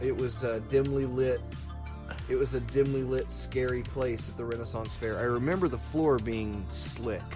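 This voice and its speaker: A man's voice: mid-range voice, steady tone, normal speed, over music. A man co-hosting a casual comedy podcast, telling a long rambling story and slipping into silly voices. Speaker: podcast co-host.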